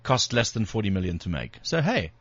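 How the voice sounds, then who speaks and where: Quick joking man with a low voice. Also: very animated, no echo, lo-fi sound. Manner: quick, joking, reads figures off a screen. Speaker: radio show co-host. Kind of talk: casual chat.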